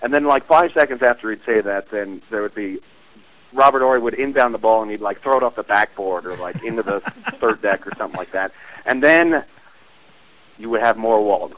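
A man's voice: fairly low pitch, lively intonation, a little fast, lo-fi sound. A man from Oregon leaving a rambling, laid-back voicemail for a podcast. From Oregon, USA. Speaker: caller. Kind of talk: casual voicemail.

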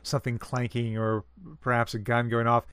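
A man in a casual literary discussion, explaining at a measured, careful pace and pausing to find his words. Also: mid-range voice, completely flat delivery, a bit bright, smooth, no echo. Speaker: discussion co-host.

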